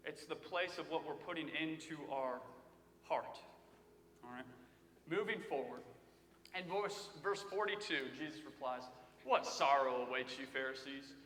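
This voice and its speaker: A man's voice: on the high side, unhurried, long pauses, a bit bright, a little hiss or hum. A man in his thirties preaching a sermon in a church, telling stories in a loose, joking, conversational way. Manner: conversational storytelling with humor. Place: church sanctuary. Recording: echoey church hall.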